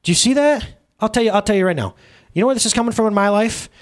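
A male pastor preaching in a lively, conversational way, often checking in with the audience through questions. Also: sits high, racing. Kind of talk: sermon.

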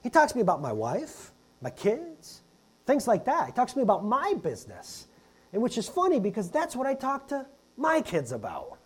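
A man's voice: extremely high pitch, wildly swooping pitch, normal speed, husky. A man in his thirties preaching a sermon in a conversational, jokey way. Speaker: pastor.

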